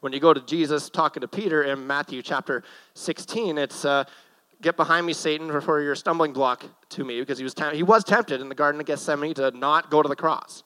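A young man preaching on a church stage in a loose, conversational way, his voice sitting a little high for a man. He cracks jokes at his own expense and slips in nervous asides between points. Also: fairly quick, fairly bright tone, rough recording. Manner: joking, self-deprecating, nervous asides. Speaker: guest preacher. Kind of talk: casual sermon.

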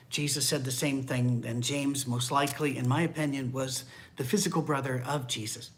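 An older man preaching a conversational sermon, candid and wry, dropping into hushed asides. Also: medium pitch, fairly even intonation, brisk. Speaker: pastor.

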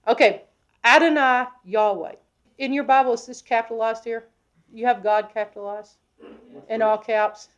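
A woman preacher teaching a sermon from the Bible, emphatic, often asking her listeners questions and moving between loud and hushed delivery. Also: on the high side, fairly even intonation, normal speed, muffled recording. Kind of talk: expository sermon.

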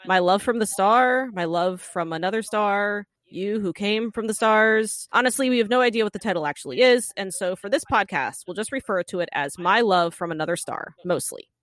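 A woman's voice: mid-range voice, animated, normal speed, few pauses, fairly bright tone, no room sound. A woman co-hosting a podcast, playfully reading a prepared show intro with jokes. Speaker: podcast co-host. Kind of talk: casual chat and read review intro.

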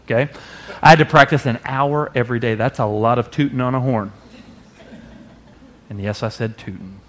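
A man preaching a sermon as pastor, expressive, now and then acting out voices. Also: medium pitch. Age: adult parent. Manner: expressive preacher, acts out quoted voices loudly.

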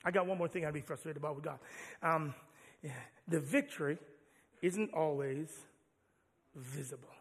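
A man pastor preaching a sermon with animated, playful storytelling in a church. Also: fairly high pitch, normal speed, pauses often, husky, long reverb tail.

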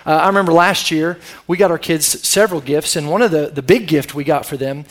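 A man's voice: fairly high pitch, a little fast, a bit bright. A middle-aged man preaching a sermon as pastor, conversational and calling on the congregation to answer back. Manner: conversational, calls on the congregation for responses.

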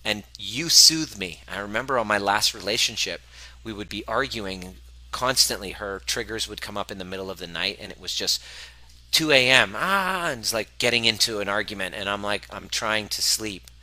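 A man's voice: on the low side, expressive, moderate pace, bright, forceful tone, poor audio. A man coaching a live audience, earnest and self-reflective, sometimes acting out the voices in his head.

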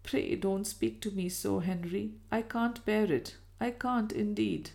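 A woman voicing a frail, anxious wife who speaks quietly and sadly. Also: medium pitch, unhurried, lightly acted. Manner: quiet, sad, hushed.

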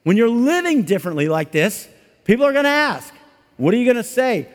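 A man with a notably high voice preaches in a loose, conversational way, slipping into little acted-out quotes. His sermon rings with the long reverb of a big hall. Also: a little fast. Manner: conversational and animated, acting out quotes. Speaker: pastor.

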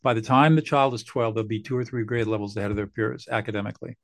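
A man's voice: fairly low pitch, fairly even intonation, quick pace. An older man, a mediator guest on a podcast, explaining earnestly and acting out what parents and bosses say. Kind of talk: podcast interview.

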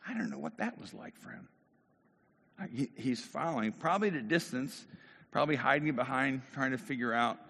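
Here a pastor preaches with a medium-pitched, fairly bright voice, narrating a story and acting out what its characters say. The recording carries a long hall reverb.

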